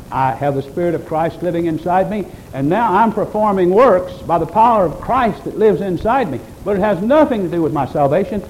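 A man's voice: on the high side, mellow, slight background noise, low-quality recording. A man preaching a sermon at a church service, quoting scripture at length in old-fashioned phrasing, with folksy, homespun asides. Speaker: pastor.

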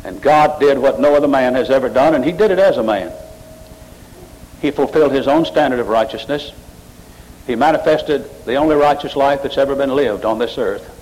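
A man preaching a sermon, rising sharply in pitch and volume as he drives his points home. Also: darkish tone, rough recording. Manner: mocking emotional worshippers in a high voice. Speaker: pastor.

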